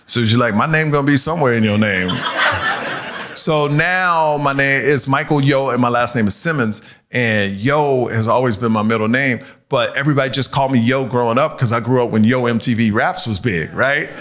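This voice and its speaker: A male stand-up comedian doing crowd work in a club, animated and often laughing at his own jokes. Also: mid-range voice, normal speed. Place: comedy club stage with audience.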